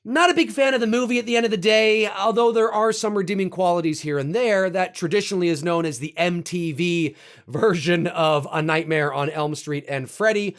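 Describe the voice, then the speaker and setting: A man hosting a casual video, talking animatedly and swearing freely as he ranks favorite horror kills and acts out lines with loud outbursts. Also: high voice, fairly quick. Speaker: YouTube host ranking horror kills. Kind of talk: casual excited monologue.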